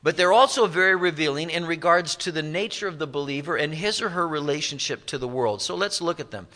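Pastor, male, sermon delivery, bright tone, slightly higher voice, emphatic slow stresses.

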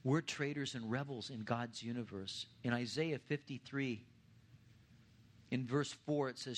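A pastor preaches at an unhurried pace, letting his voice climb in loudness and pitch for key points before dropping hushed and low at each line's end.

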